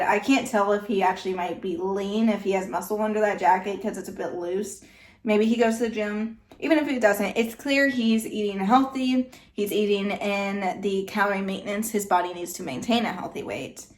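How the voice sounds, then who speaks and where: A woman hosting a reaction video, giving blunt, opinionated commentary in a casual, chatty way. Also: medium pitch.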